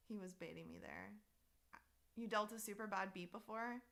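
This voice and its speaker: A woman streaming live and chatting casually about her poker sessions, with a bright, forceful tone. Her voice has a gravelly, fry-laden edge. She talks in an animated, exasperated way and swears freely. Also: medium pitch, unhurried. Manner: reads out and answers viewer chat messages.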